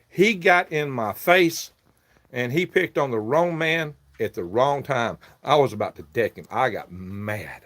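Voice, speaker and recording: A man's voice: mid-range voice, lively intonation, measured pace, fairly bright tone. A man hosting a casual livestream, telling a rambling, aggrieved story. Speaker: livestream host selling worms.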